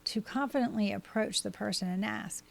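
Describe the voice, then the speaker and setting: A woman hosting a podcast, reading scripted advice in a steady, measured way as she works through a list of tips. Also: medium pitch, creaky. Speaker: podcast host and life coach.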